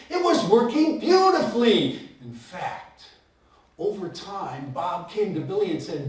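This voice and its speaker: A man's voice: high voice, sing-song, moderate pace. A man telling a story at a live festival, rattling off tongue twisters with playful asides to the audience. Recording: echoey hall from far off.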